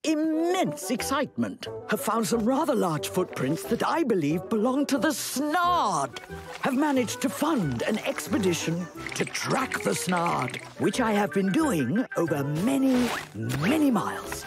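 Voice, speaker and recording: A woman's voice: mid-range voice, very animated, measured pace. A woman voicing an earnest explorer who narrates an expedition diary in a grand, dramatic manner. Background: music.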